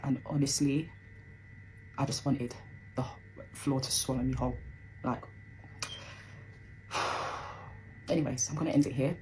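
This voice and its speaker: A woman's voice: extremely low pitch, fairly even intonation, background noise. A young woman telling a personal story in a casual, emotional rush, full of fillers. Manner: emotional, fast, breathless retelling with many fillers.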